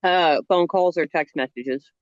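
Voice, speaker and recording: A woman's voice: fairly low pitch, measured pace, lo-fi sound. A woman who runs a small business, answering questions on a call in a hesitant, casual way. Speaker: small business owner, client.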